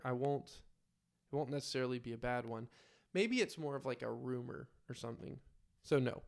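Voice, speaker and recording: A man narrating his own solo tabletop game and talking to viewers in a relaxed, filler-filled way. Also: medium pitch, clean tone. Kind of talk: casual solo role-play narration.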